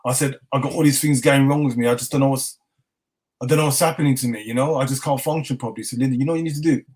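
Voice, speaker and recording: Talking very fast in a mid-range voice, a middle-aged man with a London accent recounts his tale as a chef guest in a laid-back interview. He acts out the conversations, stays animated, and laughs a lot.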